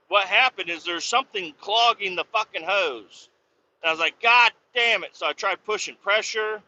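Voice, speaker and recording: Podcast host, man, rambling profane storyteller, slightly high voice, faint hiss in a dull recording. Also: bright, forceful tone. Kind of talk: casual storytelling.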